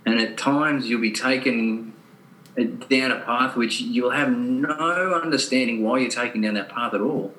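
A man hosting a conversation, talking earnestly about spirituality with fillers and pauses. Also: medium pitch, pushed and bright, reverberant, rough recording. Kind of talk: reflective spiritual talk.

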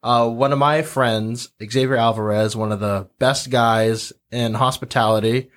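Male podcast panelist, casual storyteller, mid-pitched voice. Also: unhurried. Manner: relaxed storytelling.

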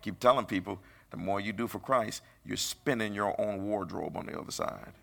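A middle-aged man preaching a sermon, emphatic and rising into high bursts. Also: normal speed, creaky, fairly bright tone.

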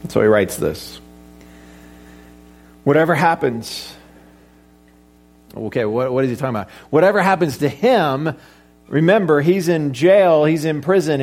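A man's voice: a little high, darkish tone. A middle-aged male pastor preaching a conversational sermon, with joking asides and rhetorical questions to the congregation.

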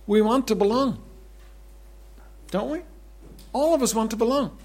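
A man preaching a sermon as pastor, conversational, repeating words and clearing his throat often, swinging between emphatic lines and soft asides. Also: extremely high pitch, measured pace.

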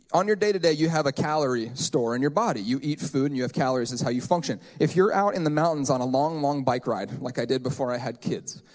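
A man's voice: medium pitch, a little mellow. A man in his thirties preaching a sermon in a church, conversational and joking, with playful asides. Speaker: pastor.

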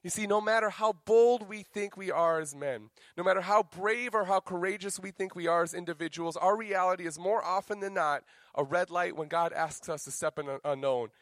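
Energetic joking male pastor. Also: high-pitched, a little fast, hardly any pauses, dry recording. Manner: energetic, joking, swings to quiet storytelling. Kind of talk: sermon.

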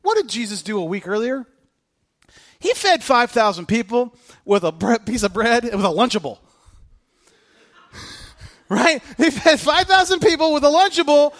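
Male preacher, casual sermon; animated, bouncy, high voice. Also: normal speed. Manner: animated, conversational, joking.

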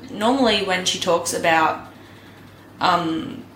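A young woman venting about a book in a casual chat, animated and swearing, laughing as she talks. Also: on the low side, slow pace. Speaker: podcast host. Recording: roomy echo with faint background noise.

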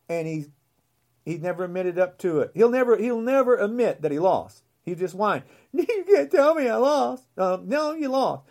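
A podcast host ranting alone, mocking and repeating taunts. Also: medium pitch. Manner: mocking, repetitive, name-calling. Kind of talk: solo political rant podcast.

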